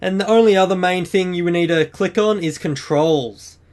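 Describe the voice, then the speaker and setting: A man's voice: high voice, moderate pace, darkish tone. A man hosting a game tutorial, talking casually and explaining each step of a screen-recorded walkthrough in an upbeat way.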